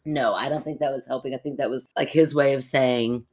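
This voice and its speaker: A woman's voice: extremely low pitch, brisk, husky. Chatty woman podcaster reading aloud. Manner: animated, chatty, interjects reactions while reading. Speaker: podcast co-host. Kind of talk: reading a listener's story aloud, casual chat.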